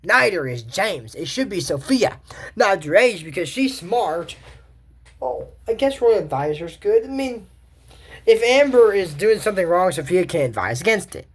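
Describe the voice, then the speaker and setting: Woman, chatty recap host, animated up-and-down delivery, loose and self-correcting. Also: medium pitch, moderate pace, breathy edge. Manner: rambling, self-correcting, thinking aloud. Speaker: show commentator. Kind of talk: casual episode recap and commentary.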